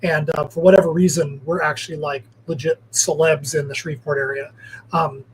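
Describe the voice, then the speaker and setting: A man's voice: a little high, little pitch movement, a little fast, a little hiss or hum, low-quality recording. A man, a guest comic creator, telling rambling anecdotes in casual chat. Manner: rambling storyteller, filler-heavy.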